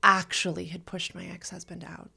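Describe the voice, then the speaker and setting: Female podcast host and sex educator, low creaky voice, raw confessional delivery with hushed asides. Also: flat delivery, normal speed. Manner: emotional, often drops to a whisper. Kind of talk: personal storytelling.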